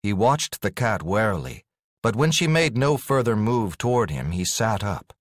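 A man narrating a fantasy audiobook in a scripted, expressive way, recorded on a studio microphone. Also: lowish voice, moderate pace, no room sound.

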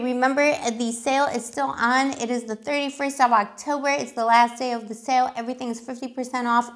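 Chatty, giggly woman tarot reader. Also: on the high side. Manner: chatty, giggly, lots of fillers. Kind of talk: casual tarot reading monologue.

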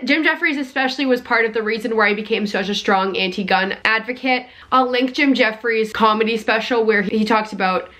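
A woman's voice: fairly high pitch, brisk, hardly any pauses, bright, forceful tone. A young woman giving heated reaction commentary from her basement, talking with lots of "like" fillers. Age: young adult. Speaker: commentary YouTuber. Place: home basement.

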